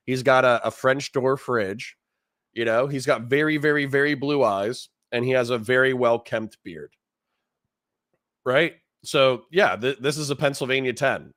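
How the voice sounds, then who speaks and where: A man's voice: medium pitch, fairly bright tone, no echo, studio quality. A man giving casual live-stream commentary, chatty, laughing often and reading out chat messages. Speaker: streamer reacting to a debate.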